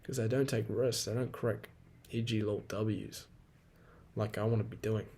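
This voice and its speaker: Young guy in his 20s hosting a solo podcast, low-pitched, loose and profane, rambling and venting. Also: steady tone, normal speed, warm tone, husky. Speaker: podcast host. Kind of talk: casual solo podcast monologue.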